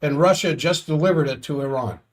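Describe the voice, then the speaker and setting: Man, fairly high voice, solo commentary, sardonic, exasperated. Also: brisk. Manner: exasperated, sardonic, reads out quotes. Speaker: commentator on world affairs. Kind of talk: solo political commentary stream.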